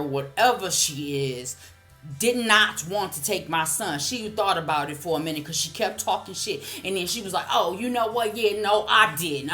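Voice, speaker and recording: A woman with a fairly low-pitched voice tells a storytime monologue in a casual, blunt way, swearing freely. Faint music plays under her talk. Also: a bit bright. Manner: blunt, profane, heated retelling. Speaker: vlogger telling a story.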